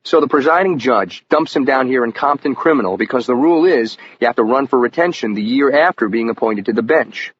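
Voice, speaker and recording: A man giving scripted first-person audiobook narration in an even, measured storytelling manner. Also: medium pitch, breathy edge. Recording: muffled lo-fi audio with faint hiss.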